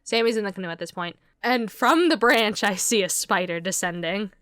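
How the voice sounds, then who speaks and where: A woman co-hosting a casual podcast, telling a story with lots of swearing and acted-out shouted quotes. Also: medium pitch, moderate pace, dry recording. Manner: animated, swears a lot, acts out shouted quotes. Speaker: podcast co-host.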